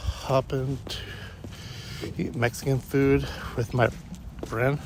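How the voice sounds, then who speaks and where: A man's voice: mid-range voice, little pitch movement, slow, background noise. A man talking casually while out on a morning walk, meandering from thought to thought and restarting sentences often. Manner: meandering, self-interrupting, frequent restarts. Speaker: vlogger. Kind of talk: rambling walk-and-talk vlog.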